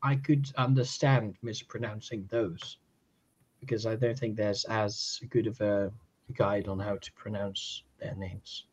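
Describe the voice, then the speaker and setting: A man co-hosting a casual reaction chat, measured and questioning. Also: lowish voice, fairly even intonation, slightly rough. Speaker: co-host. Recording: dull lo-fi sound.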